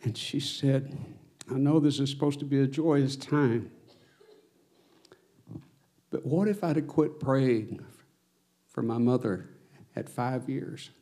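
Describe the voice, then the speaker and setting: A man's voice: medium pitch, slow, pauses often, mellow. A man preaching a sermon as pastor, earnest, his voice swelling on his exhortations.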